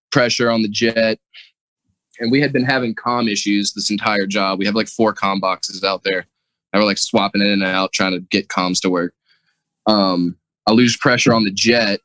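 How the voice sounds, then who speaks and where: A man in his twenties, a commercial diver and podcast guest, chatting in a relaxed way with frequent laughs. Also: lowish voice, no room sound, rough recording. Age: 20s. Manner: laid-back, laughs often, swears freely. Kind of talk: casual podcast chat.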